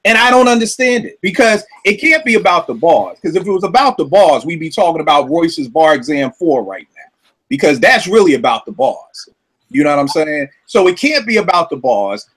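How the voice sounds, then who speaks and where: A man with a high voice rants to his co-host with loud disbelief. His storytelling is loose, profane and animated, full of asides and punchlines. It sounds like a casual talk show. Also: normal speed, breathy edge. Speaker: podcast host. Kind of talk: casual comedic rant.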